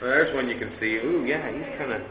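A man's voice: medium pitch, quick pace, a crowd in the background. A man casually narrating a zoo visit for a live stream, joking playfully about the animals as he walks along. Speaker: vlogger filming a zoo visit. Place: zoo reptile house. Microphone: phone camera. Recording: echoey, muffled phone stream with noise.

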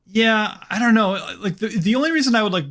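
A man co-hosting a casual movie podcast, voice sitting a touch higher than most men. He rambles through his points with a steady stream of "like" and restarts. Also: a little fast. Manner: rambling, filler-heavy, lots of "like". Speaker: podcast co-host. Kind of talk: casual film-review chat.

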